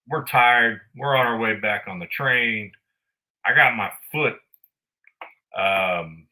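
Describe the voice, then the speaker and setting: Male podcast host, casual storyteller, crisp bright tone, swears freely. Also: fairly low pitch, rough recording. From United States. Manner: animated, profane, blunt.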